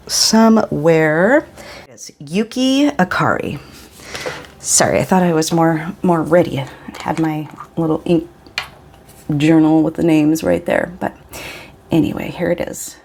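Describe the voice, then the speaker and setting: A vlogger in her forties from the US Pacific Northwest chats casually while swatching inks, rambling a little and interrupting herself. Her voice is low, gravelly and darkish, with a little hiss or hum in the audio.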